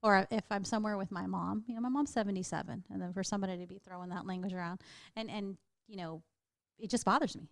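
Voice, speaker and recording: A woman's voice: medium pitch, steady tone, quick pace, gravelly, no room sound. Chatty Texan woman with a dry close sound. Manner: chatty storyteller, laughs often. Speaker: podcast co-host. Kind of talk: casual chat.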